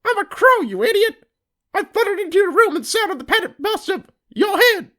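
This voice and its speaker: A woman's voice: very high-pitched, very animated, moderate pace, bright, forceful tone, full character voice. A woman voicing a cheeky talking horse and a cranky crow in a comedy sketch, sassy and teasing.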